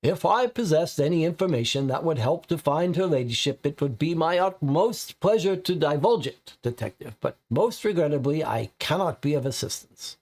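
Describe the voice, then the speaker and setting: A prim, haughty older butler in a tabletop game, coldly polite and quick to take offence, as a man puts him on. The voice sits a little high, with a gravelly edge. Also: lively intonation, a little mellow. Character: stiff, haughty older male English butler.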